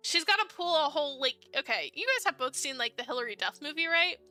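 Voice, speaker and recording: Young woman streamer, chatty, giggly, high bright voice, faint game music behind. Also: expressive, quick pace. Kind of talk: reading a dating game aloud on stream.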